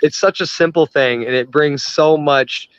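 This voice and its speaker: A man's voice: a little high, a little slow, fairly bright tone, clean tone, no room sound. A man in casual chat, talking in a profane, worked-up rant. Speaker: podcast host. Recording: dry, dull lo-fi sound.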